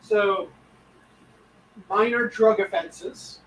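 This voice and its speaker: A man's voice: high-pitched, steady tone, very slow, fairly bright tone, a little hiss or hum, rough recording. A man co-hosting a podcast in casual chat, blunt and profane, explaining things at length. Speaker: podcast co-host.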